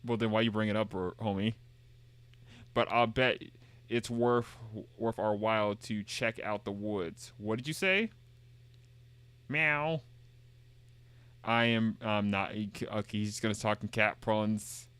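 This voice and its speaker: A man's voice: on the low side, little pitch movement, unhurried, fairly bright tone, smooth, dry recording. A man streaming a game, chatting casually, reading dialogue aloud and joking in a rambling, repetitive way. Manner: rambling and jokey, reads game dialogue aloud and repeats himself.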